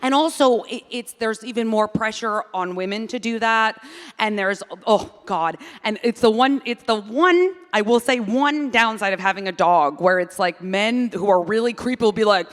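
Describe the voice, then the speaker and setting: A woman's voice: mid-range voice, normal speed. Wry blunt woman panelist. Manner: wry, blunt, joking asides. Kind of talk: live panel discussion. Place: large hall on stage. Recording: reverberant hall.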